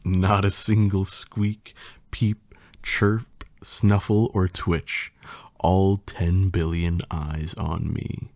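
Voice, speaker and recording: A man's voice: low voice, level tone, extremely slow, darkish tone, dry recording. A man reading a playful poem for an ASMR video, repeatedly breaking into laughter as he reads. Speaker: ASMR creator.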